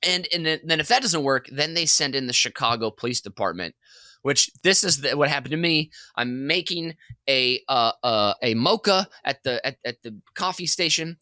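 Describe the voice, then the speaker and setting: A man co-hosting a comedy podcast, telling a long workplace story in an animated, rambling way and laughing as he goes. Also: mid-range voice, moderate pace, no echo. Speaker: podcast co-host.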